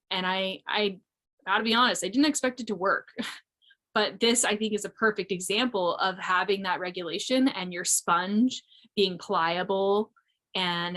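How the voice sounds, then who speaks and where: A woman's voice: medium pitch, a bit bright. Reflective woman in her thirties. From Missouri, USA. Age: 30s. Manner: reflective, frequent "like" fillers, light laughs. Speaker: guest. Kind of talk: casual interview talk. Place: remote audio interview.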